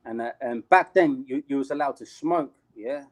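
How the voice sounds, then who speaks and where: A man's voice: medium pitch, normal speed. Slangy British man telling a story. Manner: slangy, streetwise, laughs while telling. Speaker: interview guest. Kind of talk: casual storytelling.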